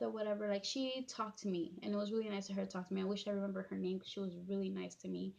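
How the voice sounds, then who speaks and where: A woman in her thirties tells a personal story to her viewers, her speech halting and full of fillers and restarts. She sounds tearful, and her voice has a gravelly edge. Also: mid-range voice, flat delivery, darkish tone. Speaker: vlogger.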